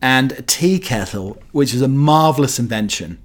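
A man's voice: mid-range voice, expressive, normal speed. A British-born man hosting a radio show, chatting in a meandering way with many fillers and playful asides. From Britain.

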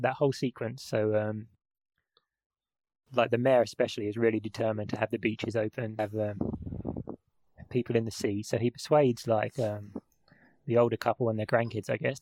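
A man's voice: mid-range voice, darkish tone. A man co-hosting a podcast, talking in a laid-back, hesitant way with fillers. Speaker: podcast co-host. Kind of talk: casual film chat.

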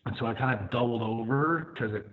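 A man's voice: mid-range voice, fairly quick. A man telling a personal story in a conversational way, with fillers, acting out his own thoughts. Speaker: podcast guest, firefighter telling his story. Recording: tinny phone-like line.

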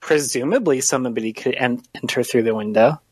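This is a game master narrating a tabletop role-playing session at an ordinary middle pitch, often pausing on ums and restarting lines. The sound is close and completely dry. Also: a little mellow, breathy edge, dry recording. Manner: hesitant, many ums and restarts.

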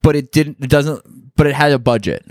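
A man's voice: on the high side, brisk, no echo, studio quality. A man co-hosting a casual podcast, rambling and swearing as he complains about things. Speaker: podcast co-host. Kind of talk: casual chat.

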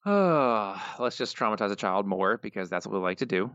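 Sarcastic low-voiced man, dull lo-fi sound. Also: lively intonation, fairly quick, a bit bright, dry recording. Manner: sarcastic, wry asides. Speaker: podcast co-host. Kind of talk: casual podcast recap chat.

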